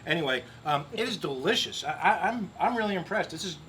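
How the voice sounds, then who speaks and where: A man's voice: sits high, animated, a little fast, pushed and bright, a little hiss or hum. A middle-aged man hosting a grill cooking video outdoors, chatting upbeat and joking to camera. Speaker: grill cooking show host. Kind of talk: casual cooking demo to camera.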